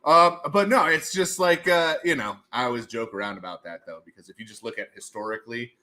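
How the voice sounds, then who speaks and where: A man's voice: medium pitch, a little fast, sharp tone. A man hosting a casual livestream, rambling and joking and laughing often between his remarks. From United States. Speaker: livestream host.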